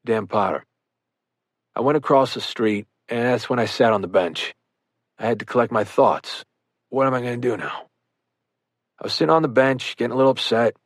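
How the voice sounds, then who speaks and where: A man narrating a firefighter's first-person account for an audiobook, measured and earnest. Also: mid-range voice, dry recording, clean studio sound.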